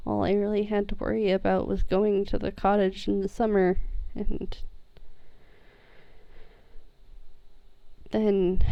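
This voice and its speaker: A woman playing a troubled young person in a tabletop role-play, speaking haltingly with many restarts. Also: medium pitch, creaky, mellow, no room sound. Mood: wistful. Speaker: player. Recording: muffled lo-fi mic.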